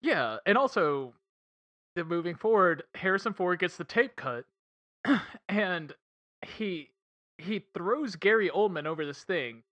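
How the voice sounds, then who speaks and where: A man's voice: sits high, lively intonation, a little slow, bright, forceful tone. A man co-hosting a casual film podcast, rambling, swearing and laughing a lot. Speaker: podcast co-host reviewing a film. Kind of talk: casual chat.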